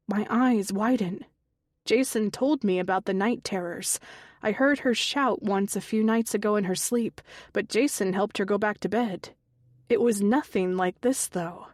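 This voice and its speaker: A woman reading a first-person mystery audiobook in a measured, unhurried way. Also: medium pitch, steady tone, darkish tone, dry recording, studio quality. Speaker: audiobook narrator.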